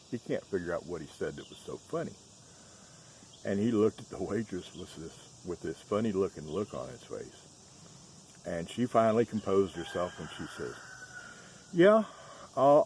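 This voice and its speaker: Deep-voiced Southern man telling stories. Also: a little mellow, slight background noise. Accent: Southern US (Georgia). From Southern United States. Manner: chatty, folksy, easygoing. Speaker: farm vlogger. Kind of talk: casual storytelling chat. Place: outdoors on a rural farm.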